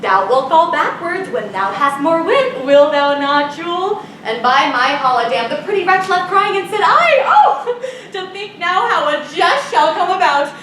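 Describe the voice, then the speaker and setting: Woman acting as a high-pitched, lively rambling old nurse, roomy stage sound from afar. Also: a little slow, distant mic, a little hiss or hum, exaggerated voice. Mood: chatty. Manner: rambling, giggling, sentimental. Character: bawdy chattering old female nurse. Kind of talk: live student stage acting. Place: theater stage.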